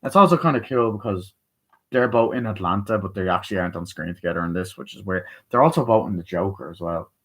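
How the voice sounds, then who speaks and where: A man casually reviewing a film, swearing freely and acting out the characters' lines in a raised, excited voice. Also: low-pitched, quick pace. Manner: excited, profane, acts out quotes in raised voice. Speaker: movie reviewer.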